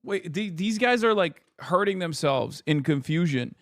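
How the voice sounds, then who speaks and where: A man doing casual political reaction commentary on a stream. His voice sits high and he is sarcastic, profane and mocking. The sound is dry and close, with no room echo. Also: lively intonation, moderate pace.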